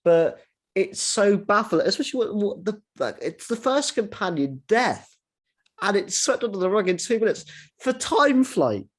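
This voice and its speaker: A man hosting a casual podcast chat, excitable, stumbling over restarts and swearing freely. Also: high-pitched, normal speed. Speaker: podcast host.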